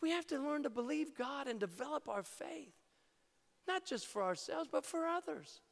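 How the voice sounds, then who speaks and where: A man preaching a sermon as pastor in a large church, energetic and jokey, building to shouts. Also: very high-pitched, moderate pace, creaky. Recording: reverberant church hall.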